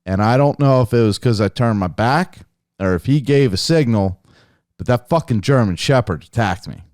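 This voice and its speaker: Young male podcast guest, casual profane storyteller with a smooth voice and a dry, close sound. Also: medium pitch, moderate pace, no echo. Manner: profane, animated anecdote-telling.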